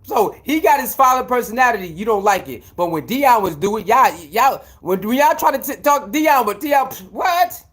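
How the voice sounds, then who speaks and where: A man giving heated, incredulous commentary, swinging between shouts and low mutters, with speech. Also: lively intonation, normal speed, hardly any pauses. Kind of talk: animated ranting commentary.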